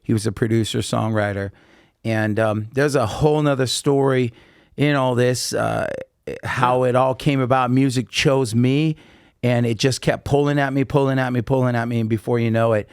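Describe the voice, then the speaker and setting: Animated man telling rambling stories. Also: medium pitch, normal speed, clear, resonant tone, no echo, clean studio sound. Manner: rambling, animated anecdotes with many fillers. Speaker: podcast guest. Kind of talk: casual storytelling interview.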